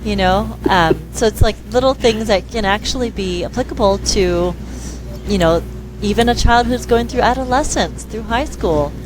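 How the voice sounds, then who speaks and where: Woman speech therapist, expressive interview guest, mid-range voice, audible background noise. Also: mid-range voice, moderate pace. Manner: lively, acts out quoted dialogue in voices. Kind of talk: conversational interview.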